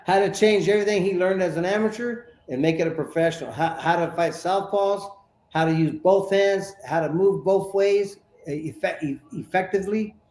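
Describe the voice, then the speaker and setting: A man's voice: high voice, roomy sound. A man from California, a former boxer, telling stories casually in an interview, often repeating words as he goes. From Sacramento, California. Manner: animated storyteller, repeats words while talking.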